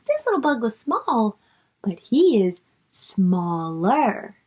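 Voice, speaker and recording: Slow, lively woman reading to kids. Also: fairly high pitch, husky. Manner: coaxing, asks the child questions; stretches out words when reading. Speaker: teacher reading to children. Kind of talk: reading a picture book aloud to young children.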